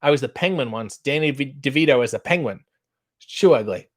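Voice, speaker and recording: A man in his thirties, hosting a casual chat and reading out viewer comments with wry, animated delivery. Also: medium pitch, fairly quick. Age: 30s. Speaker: host.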